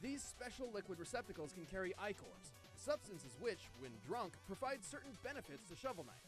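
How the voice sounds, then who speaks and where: Brainy Wiz explaining. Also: male voice, high voice, sing-song, a little fast, soft background music. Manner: expository, dry explaining tone.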